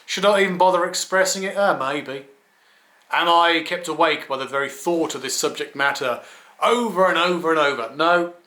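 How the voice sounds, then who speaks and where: Blunt English man with a bright edge. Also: on the high side. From England. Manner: wry, blunt, swears, stammering restarts. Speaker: video blogger. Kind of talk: rambling solo monologue. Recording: echoey room.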